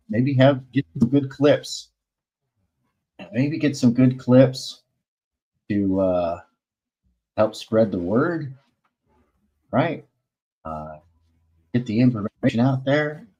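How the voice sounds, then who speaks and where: Male host with a low voice, slow and rambling, slangy. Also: warm tone, husky, highs cut off. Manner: rambling, loose and slangy, with many fillers. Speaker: host of a comics talk stream. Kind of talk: casual chat.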